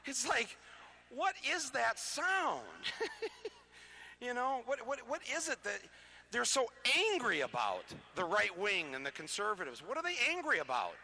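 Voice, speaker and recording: A touring speaker with a high-side, pushed and bright voice swings hugely in pitch and talks unhurriedly, with a little hiss or hum. Through an amplified stage microphone at a public lecture venue, he gives a live political talk to an audience, chatty and joking, with many restarts and small chuckles between points.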